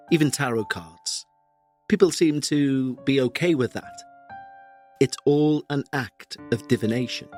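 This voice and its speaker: Scouse man hosting a paranormal podcast. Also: medium pitch. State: recovering from a sore throat. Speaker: podcast host. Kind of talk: reading a listener's story, then commenting.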